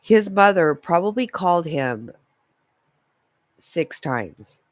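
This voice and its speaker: A woman's voice: lowish voice, expressive, slow pace, no room sound. A woman vlogger talking in a casual, rambling monologue, swearing freely and often breaking into laughter.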